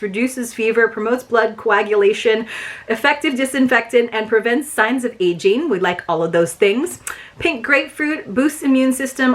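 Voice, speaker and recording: Chatty young woman unboxing products. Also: a little high. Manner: chatty, upbeat, lots of fillers. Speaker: subscription box reviewer. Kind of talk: casual unboxing vlog. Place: home filming room.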